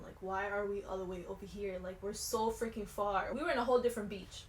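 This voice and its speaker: A young woman vlogger telling a storytime in casual slangy chat, animated, dropping to hushed tones and rising to shouts. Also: mid-range voice, fast talker, hardly any pauses, phone-quality sound. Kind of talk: storytime vlog. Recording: echoey room with faint noise.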